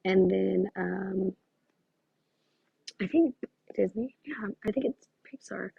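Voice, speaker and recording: A woman's voice: mid-range voice, slow, vocal fry, slightly rough, no echo, narrow, tinny audio. A woman working as a psychic medium, talking through a live reading in a gushing, exclamatory way and thinking aloud with many fillers.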